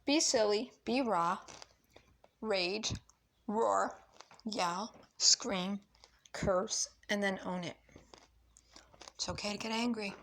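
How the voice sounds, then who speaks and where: A woman's voice: medium pitch, takes it slowly, pauses often, a bit bright. Blunt, emphatic woman vlogging in her kitchen. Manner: blunt, emphatic, swears freely. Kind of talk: casual cooking vlog with opinionated talk. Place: home kitchen.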